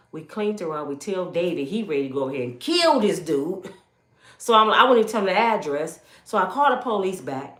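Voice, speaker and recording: A middle-aged woman telling a personal story in a casual, animated way, acting out the voices of the people in it. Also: low voice. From Michigan, United States. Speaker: storyteller giving a personal testimony. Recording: roomy echo.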